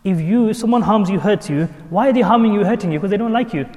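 A man preaches a sermon in an earnest, repetitive way, sprinkling in Arabic and Urdu terms. His voice sits fairly high and he speaks very quickly. A long reverb trails each phrase, as in a hall. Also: darkish tone. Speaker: Islamic preacher.

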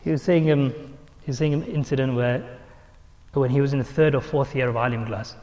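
A man with a mid-range voice delivers a storytelling sermon at a brisk pace in a large hall. Teaching as a religious speaker, he tells stories animatedly, acts out the people he quotes, and frequently restarts his sentences.

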